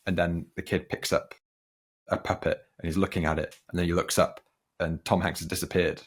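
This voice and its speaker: Young male host, deep voice, rambling, self-correcting. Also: level tone, a little fast. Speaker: film podcast host. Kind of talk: casual chat.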